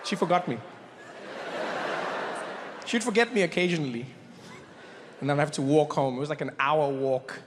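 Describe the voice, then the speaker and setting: A male stand-up comedian telling a story on stage in a large hall, animated and slipping into voices. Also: on the high side, normal speed, pauses often, a little hiss or hum.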